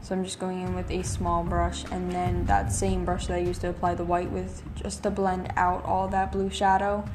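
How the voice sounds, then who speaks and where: Makeup tutor, woman, even delivery, flat pitch, voice-over over clear music. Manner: step-by-step, practical explaining. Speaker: makeup artist.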